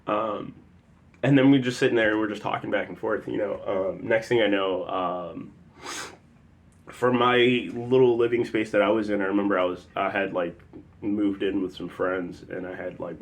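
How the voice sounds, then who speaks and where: A young man from the Chicago area tells a personal story in a loose, rambling way with lots of fillers, now and then bursting into loud acted quotes. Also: lowish voice, steady tone, normal speed, vocal fry. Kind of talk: casual spoken storytelling.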